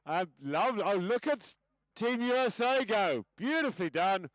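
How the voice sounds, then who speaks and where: A man announcing an equestrian event and calling races live, chatty and cheerful with rising excitement during the action. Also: high voice, a little slow, no room sound, poor audio. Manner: leads a crowd chant. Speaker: event announcer and race commentator. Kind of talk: live race commentary.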